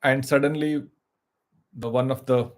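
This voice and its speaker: Man telling a halting, casual story. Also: medium pitch, fairly even intonation. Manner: halting, full of restarts and fillers.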